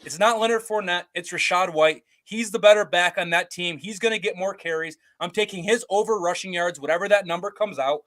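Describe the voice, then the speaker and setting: A man's voice: high-pitched, a little fast, few pauses, a bit bright. A man co-hosting a casual sports betting podcast, giving his picks with blunt confidence. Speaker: co-host picking bets.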